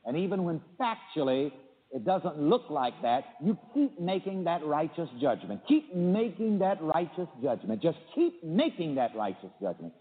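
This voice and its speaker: A male preacher delivering a sermon on a call-in radio show, his fairly high voice swinging widely in pitch as he presses each point. He leads the listeners through affirmations they repeat back to him. The sound is thin and phone-like, with a long hall reverb trailing behind it. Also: big pitch swings, moderate pace. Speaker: pastor and show host. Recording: tinny phone line with hall echo.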